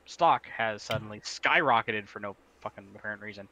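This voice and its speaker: A man's voice: lowish voice, fairly quick, pushed and bright. A man co-hosting a casual stream, rambling through game news with lots of fillers and casual swearing. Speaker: stream co-host.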